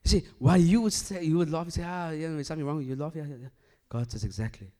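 Delivering a sermon quickly, a man shifts from loud, emphatic bursts to hushed, low lines and repeats phrases as his point builds, all with fairly even intonation.

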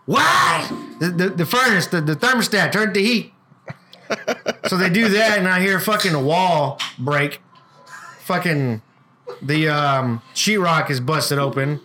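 A man's voice: a little high, measured pace, bright, forceful tone. A man co-hosting a casual podcast, telling a work story with lots of swearing and acted-out quotes. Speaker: podcast co-host.

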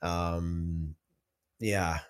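A man's voice: drawn-out words, clear, resonant tone. A man hosting a casual livestream about faith, reading out viewer comments and telling stories with many restarts. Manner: rambling, restarts often, lively pitch swings when telling stories.

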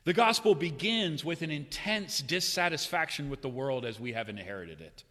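A man preaching a sermon in a church, swinging between loud, raised cries and hushed, low passages. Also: expressive, normal speed. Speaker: pastor. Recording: long hall reverb.

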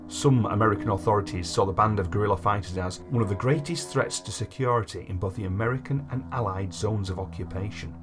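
This podcast host has a lowish voice and talks fast with few pauses, music playing behind him. He alternates between reading long stretches of history notes and chatting loosely, peppering his talk with "like" and "you know."

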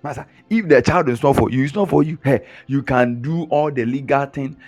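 A man's voice: mid-range voice, a little fast, soft background music. A man preaching a sermon, teasing his listeners with mocking imitations and chuckles. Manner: animated, mocking mimicry, frequent chuckles.

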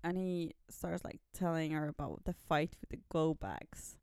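A woman co-hosting a podcast, chatting casually about comics and often chiming in with quick agreement. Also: deep voice, darkish tone, clean tone, no room sound, studio quality. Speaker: podcast co-host.

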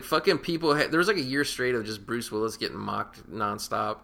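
A man chats on a podcast at a rapid clip, his voice gravelly with a fry underneath. The tone is bright and forceful, his takes sarcastic and opinionated. He swears freely. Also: lowish voice. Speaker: podcast co-host. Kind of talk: casual chat.

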